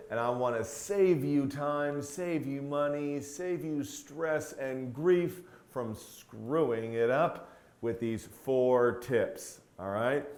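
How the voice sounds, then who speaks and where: Guy talking straight to camera, lively and blunt, pitch swinging up and down, roomy echo. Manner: animated storytelling with swings in pitch and loudness; blunt, swears casually. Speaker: host. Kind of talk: casual talk to camera.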